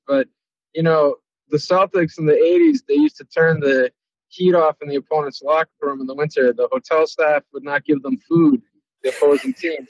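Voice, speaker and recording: Massachusetts guy calling in about footy, excitable, a bit hesitant, muffled lo-fi sound. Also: fairly high pitch, dry recording. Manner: self-deprecating, excitable, hesitant with fillers. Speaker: caller. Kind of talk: casual chat.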